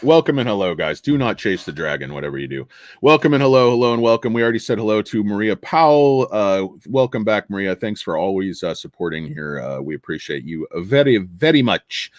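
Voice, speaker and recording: A middle-aged man with a fairly low, animated voice talks briskly over a dry recording. He's hosting a casual livestream, tired and over-caffeinated, rambling, joking, and greeting people in the chat.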